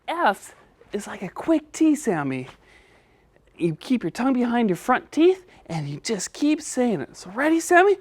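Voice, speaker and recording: A woman's voice: a little high, fairly bright tone. A woman teaching a children's speech lesson, patient and encouraging, coaching step by step.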